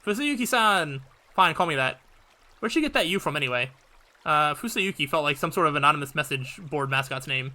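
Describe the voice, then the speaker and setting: A man's voice: fairly high pitch, fairly quick, pushed and bright. A man hosting a let's play, reading the story aloud in a casual, hesitant way. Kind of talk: reading a visual novel aloud.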